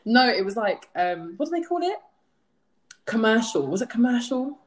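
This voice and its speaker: A woman's voice: fairly high pitch, sing-song, moderate pace. A young woman from London with a London accent, co-hosting a podcast in casual, playful banter and laughing often. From London, England. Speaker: podcast co-host. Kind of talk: casual chat.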